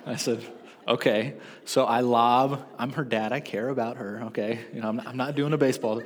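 A man in his thirties preaches a sermon in a mid-pitched voice, telling animated stories with self-deprecating asides. His voice rings out with a long reverb in a church hall. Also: normal speed. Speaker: pastor. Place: church sanctuary.

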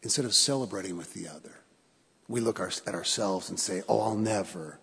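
A man's voice: sits low, brisk, creaky, a bit bright, breathy edge, big-room sound. A male pastor preaching a sermon in an earnest way, repeating phrases for emphasis and asking his congregation questions.

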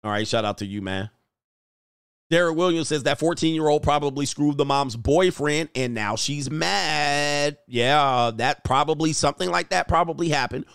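A man's voice: on the high side, normal speed, creaky, a bit bright, clear, resonant tone, no echo, studio quality. A man hosting a live stream, reading viewer comments aloud and giving blunt, crude, mocking commentary.

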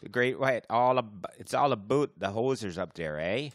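A jokey, beer-loving Canadian guy in an exaggerated mock Canadian accent, as a podcast host puts him on. His voice is raised and loud, his manner teasing and hammy, recorded dry and close. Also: on the low side, animated, moderate pace, no room sound, voice pushed up, lightly acted.

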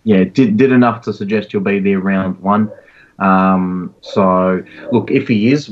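Low-voiced man on a distant mic. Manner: relaxed, many ums and restarts. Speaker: podcast co-host. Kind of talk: casual fantasy sports chat. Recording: distant, dull-sounding mic.

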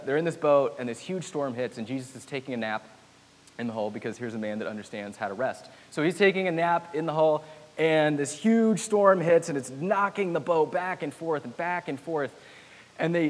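A man delivers a casual, conversational sermon, dropping in nerdy self-deprecating jokes between his points. His voice carries a long reverb tail from a large hall. A faint hiss sits under the recording. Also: mid-range voice. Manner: casual, chatty preaching with self-deprecating humor. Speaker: pastor.

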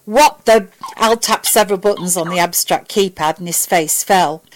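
A woman narrating a fan fiction story in a steady, even way. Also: on the low side, moderate pace, rough recording.

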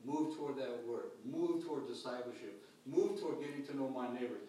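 A pastor preaching a sermon with dynamic swings between loud calls and hushed, quiet lines. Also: male voice, medium pitch, a little fast, far from the mic, slight background noise. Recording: echoey hall picked up from afar.

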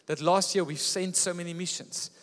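Man, pastor preaching a sermon, lively storyteller, slightly high voice, long church-hall echo. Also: moderate pace.

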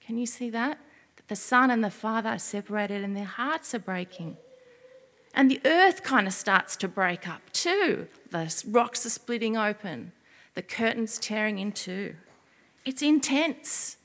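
A woman giving an expressive children's sermon as a preacher, often asking her listeners questions. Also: mid-range voice, moderate pace, in a large hall.

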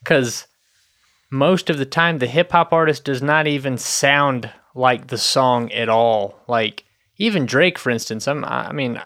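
Smooth-voiced laid-back man, dry sound. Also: medium pitch, a little slow, fairly bright tone, no room sound. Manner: laid-back, swears casually. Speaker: podcast co-host. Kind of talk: casual chat.

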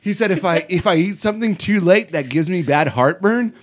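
Male podcast host, animated storyteller, high and lively. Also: a little fast. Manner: animated storyteller, acts out quotes. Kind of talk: casual chat.

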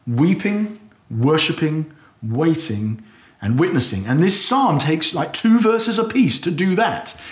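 A man preaching a sermon, earnest and conversational, acting out anguished prayers loudly. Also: a little high, big pitch swings, takes it slowly. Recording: echoey hall.

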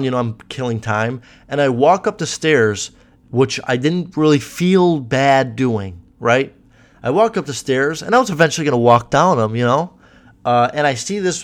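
A young man hosting a podcast, telling stories in a sarcastic, profane and animated way. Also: medium pitch. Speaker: podcast host. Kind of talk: casual storytelling podcast.

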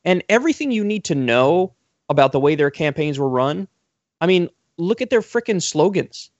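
A man's voice: fairly high pitch, sing-song, normal speed, dry recording, muffled recording. A man hosting a political commentary talk show, ranting sarcastically and swearing freely.

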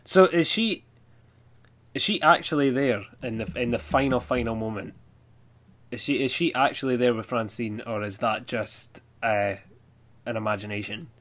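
A man's voice: mid-range voice, moderate pace, a bit bright. A man chatting casually about a comic, laughing often and thinking aloud as he goes. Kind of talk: casual podcast chat.

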